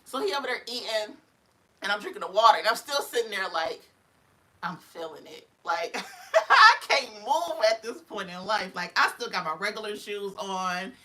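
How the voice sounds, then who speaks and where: A woman's voice: medium pitch, a little fast, pushed and bright. A young woman, casually telling a story on a livestream, laughing often and acting out other people's voices.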